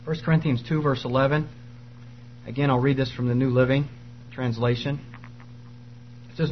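A man's voice: mid-range voice, flat delivery, normal speed, long pauses, lo-fi sound, a little hiss or hum. A man preaching an earnest, emphatic sermon and reading scripture aloud.

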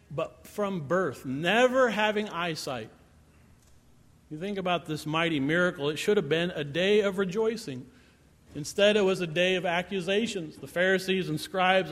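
Higher-voiced male preacher in a reverberant hall. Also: normal speed, a bit bright. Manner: conversational, reads scripture aloud and comments on it. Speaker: pastor. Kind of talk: sermon.

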